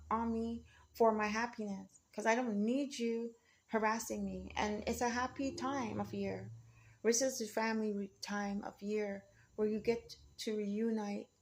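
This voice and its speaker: A woman's voice: fairly high pitch, darkish tone. A woman speaking in an emotional, rambling monologue, defiant and often repeating herself.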